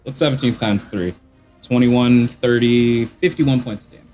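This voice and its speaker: A man's voice: medium pitch, moderate pace, darkish tone. A man playing a tabletop game, describing his character's attacks in a casual way with many fillers. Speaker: player. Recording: faint music behind.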